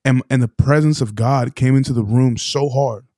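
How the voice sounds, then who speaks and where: A man's voice: medium pitch, steady tone, normal speed, dark tone, dry recording, studio quality. A man in his twenties telling a personal story in a casual, rambling way, full of fillers. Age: 20s. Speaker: podcast co-host. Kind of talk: casual testimony.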